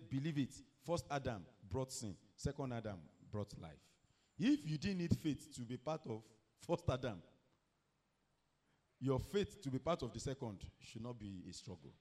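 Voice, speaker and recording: A middle-aged man preaching a sermon, telling a story and asking the congregation questions, with sudden shouted peaks. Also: medium pitch.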